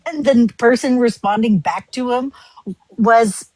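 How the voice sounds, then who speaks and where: A woman's voice: fairly high pitch, a little slow, darkish tone, no echo, low-quality recording. A woman on a livestream, telling a story with frequent laughter. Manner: giggly, laughs while telling stories. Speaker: livestream guest. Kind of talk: casual chat.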